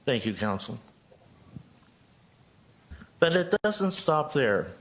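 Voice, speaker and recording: A man's voice: mid-range voice, big pitch swings, slow, a bit bright. A man in his sixties from Joplin, a pastor giving a prepared, earnest statement at a city council podium microphone. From Joplin, Missouri. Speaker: pastor speaking at public comment.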